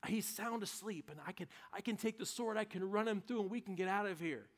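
A man voicing an eager, conspiratorial soldier, in a high voice. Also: brisk, close to an everyday voice. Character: eager loyal soldier offering to strike.

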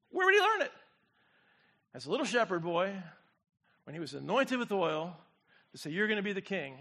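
A man preaching a sermon as pastor, swinging from quiet, low reflection to loud, fervent exclamation and calling on the congregation to respond. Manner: speaks to the congregation directly, asks for responses.

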